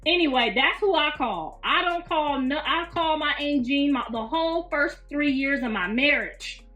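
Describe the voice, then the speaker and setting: A woman's voice: high voice, moderate pace, bright, forceful tone. Blunt, profane middle-aged woman streamer. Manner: blunt, profane, laughing gossip. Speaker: livestream host. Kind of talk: casual livestream commentary. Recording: roomy, distant, slightly muffled, faint music.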